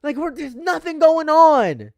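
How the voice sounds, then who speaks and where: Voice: high-pitched, very animated, a little slow, darkish tone, no room sound, lo-fi sound. A livestream commentator reacting live, ranting emphatically and repeating phrases for effect.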